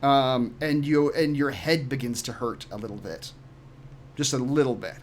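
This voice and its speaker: A man narrating a tabletop game as game master, halting often with fillers as he describes scenes. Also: mid-range voice, slight background noise.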